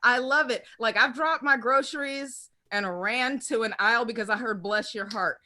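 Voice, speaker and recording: A woman performing a brash, profane stand-up comedy set with animated storytelling. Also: on the high side, normal speed.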